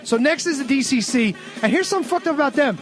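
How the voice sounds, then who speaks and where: A man's voice: very high-pitched, lively intonation, fast talker, soft background music. A man recapping a wrestling show on a podcast in a sarcastic, ranting way with lots of swearing. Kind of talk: casual profane recap.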